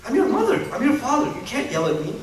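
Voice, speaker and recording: A shrill, indignant parent cries out in disbelief at being yelled at, as a man puts on the voice. The voice jumps well above his usual pitch. It comes from far off in a very echoey hall. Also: wildly swooping pitch, fast, a crowd in the background, exaggerated voice. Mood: outraged. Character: indignant shocked parent scolding a child.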